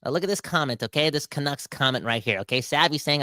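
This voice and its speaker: A man hosting a sports podcast, ranting with animated, emphatic exasperation. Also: fairly high pitch, quick pace, no room sound, studio quality. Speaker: podcast host.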